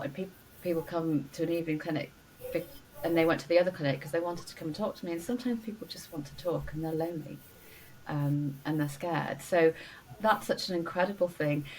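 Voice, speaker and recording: A woman's voice: fairly low pitch, a little mellow, recorded from a distance, poor audio. Earnest woman guest, slightly off-mic. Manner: earnest, encouraging, many "you know" fillers. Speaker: doctor and coach, podcast guest. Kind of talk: warm interview conversation. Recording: faint noise, voice a bit off-mic.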